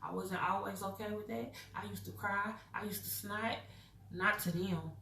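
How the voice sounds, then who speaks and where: A woman's voice: medium pitch, fairly even intonation, moderate pace, vocal fry, pushed and bright, a little hiss or hum. A young woman doing a casual spiritual card reading, candid, profane and goofy, laughing often. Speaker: intuitive card reader. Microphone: microphone. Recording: roomy, distant mic, faint music.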